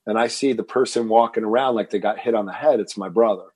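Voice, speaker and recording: The voice is husky, fast, and on the low side, with no echo. It belongs to a Texan fitness entrepreneur in his fifties who tells animated stories in an interview, tripping over repeated words when he gets excited.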